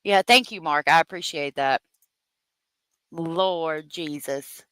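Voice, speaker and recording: A woman hosting a casual true crime livestream. She talks slowly, chats away and laughs often. The sound is close and dry, with no room echo. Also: deep voice, bright, forceful tone, clear, resonant tone. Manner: chatty, laughs often, drawn-out exclamations. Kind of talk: casual livestream chat reading comments.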